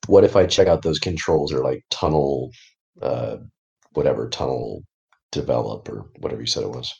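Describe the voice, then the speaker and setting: A man's voice: very deep voice, moderate pace, gravelly, dark tone, slightly rough, dull audio. A man playing in a casual tabletop game, talking in a loose, joking way. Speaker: player.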